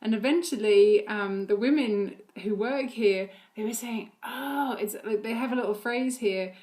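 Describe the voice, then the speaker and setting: Brief: mum vlogger, casual chat, loose fillers, easy laughs. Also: female voice, medium pitch, moderate pace, darkish tone. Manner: chatty, many fillers, laughs often. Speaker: vlogger and mother. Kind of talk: casual chat about her toddler.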